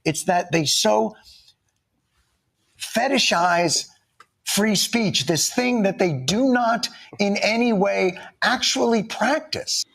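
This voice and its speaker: Male TV host clip, raspy, sardonic, incredulous. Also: high-pitched, slow pace, fairly bright tone. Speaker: late-night host. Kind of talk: played TV clip.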